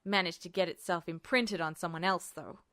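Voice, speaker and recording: A woman's voice: fairly low pitch, fairly even intonation, moderate pace, a bit bright, no room sound, close to an everyday voice. A woman voicing a sulky male bird breeder who grunts his complaints, in an audiobook. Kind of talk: audiobook character voice.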